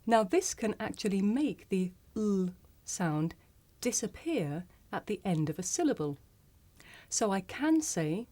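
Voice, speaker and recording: A woman teaching English pronunciation, saying single words slowly and carefully for learners to repeat. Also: medium pitch, very animated, dark tone. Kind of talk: slow scripted pronunciation lesson.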